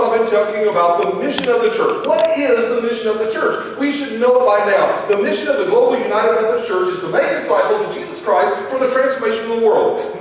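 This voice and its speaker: A man pastor giving a sermon with a Midwest American accent, telling a family story and acting out the dialogue. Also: sits high. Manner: animated storytelling, acts out dialogue. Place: church sanctuary. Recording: echoey church hall from far off, faint noise.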